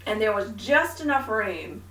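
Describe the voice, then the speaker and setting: Animated storytelling woman, echoey room. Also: mid-range voice, measured pace, far from the mic, noisy background. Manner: animated storyteller, mimics herself. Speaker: podcast co-host. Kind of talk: casual faith chat. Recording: echoey room, a bit off-mic.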